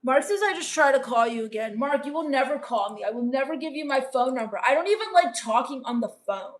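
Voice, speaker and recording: In a gloomy, deadpan gothic valley-girl drawl, a woman reads chat on the comedy livestream she hosts, sounding dismissive and misanthropic. She speaks fairly quickly in a high-pitched voice.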